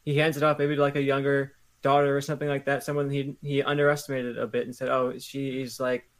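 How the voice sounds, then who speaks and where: A man chats on a podcast in a thoughtful, even way, often stopping to restart a sentence. His pitch stays flat and level throughout. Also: fast. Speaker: podcast co-host. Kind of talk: casual chat.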